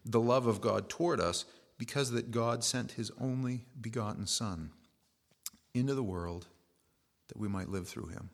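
A man's voice: mid-range voice, measured pace, creaky. A middle-aged man preaching a sermon as a pastor, in an earnest, conversational storytelling manner.

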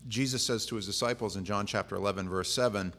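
A man's voice: fairly low pitch, fast talker, a bit bright. A pastor preaching a conversational sermon in a casual, humorous way, often acting out the lines he quotes.

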